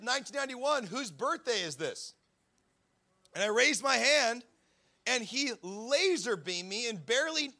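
A man in his thirties, a pastor giving a sermon, telling stories and acting out the people in them. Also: very high voice. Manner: storytelling, animated, acts out quotes.

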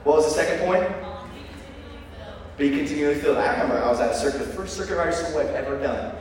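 A man preaching a sermon, telling stories with lively call-and-response to his congregation. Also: a little high, quick pace. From Lancaster County, Pennsylvania. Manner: energetic, storytelling with call-and-response. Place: large hall with audience. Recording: echoey hall recorded from far off.

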